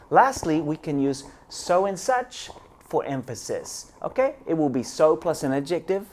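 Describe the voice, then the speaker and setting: A man's voice: medium pitch, darkish tone, slight background noise. A man teaching an English grammar lesson, explaining step by step and often calling his students "guys".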